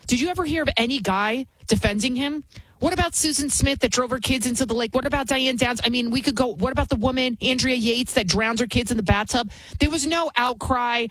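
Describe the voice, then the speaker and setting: A woman's voice: mid-range voice, breathy edge, no room sound, rough recording. A woman hosting a talk show, giving indignant, emphatic commentary and repeating words for stress. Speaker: show host.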